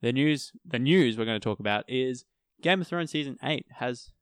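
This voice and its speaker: Young man, goofy, joking, mid pitch, dry close sound. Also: animated, a little fast, fairly bright tone, clear, resonant tone, no echo. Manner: goofy, joking, playfully clueless. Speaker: podcast co-host. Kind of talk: casual podcast chat.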